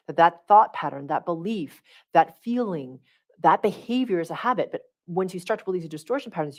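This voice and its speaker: A middle-aged woman hosting a livestream, giving a casual teaching talk and often checking in with her listeners. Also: mid-range voice. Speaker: spiritual coach hosting a livestream.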